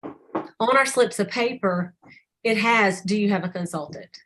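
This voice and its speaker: An older woman leading a sales team call, telling stories animatedly and acting out customers' lines in a higher voice. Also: measured pace, a little hiss or hum. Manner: animated storyteller, acts out customer dialogue in a higher voice.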